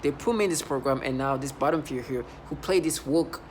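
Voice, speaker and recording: A man's voice: medium pitch, fast talker, slight background noise. A man with an accent, telling a long personal story in a rambling, emphatic monologue full of restarts. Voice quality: speaks with an accent. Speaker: vlogger describing his workplace experiences.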